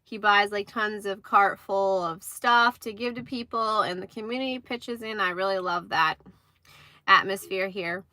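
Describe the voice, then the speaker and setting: Young female streamer, chatty storyteller, bright, dry sound. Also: medium pitch, unhurried, no echo. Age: young adult. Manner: chatty, animated retelling with acted-out quotes. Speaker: livestream host. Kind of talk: casual livestream storytelling.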